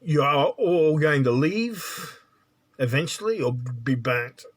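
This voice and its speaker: A man's voice: on the high side, expressive, slow pace, husky. A man giving a spiritual monologue as a teacher, blunt and lecturing, often checking in with "right?".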